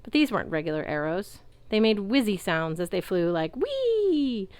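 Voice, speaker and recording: A woman reading a novel aloud in a lively way, belting out the characters' shouts. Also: on the low side, fairly quick, smooth, no echo. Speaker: audiobook reader.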